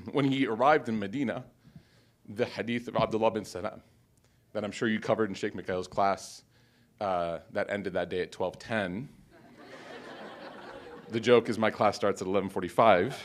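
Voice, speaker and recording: A male teacher giving a heartfelt speech at a graduation ceremony, telling stories and reciting Arabic quotations. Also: fairly low pitch. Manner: storytelling, emotional, quoting Arabic.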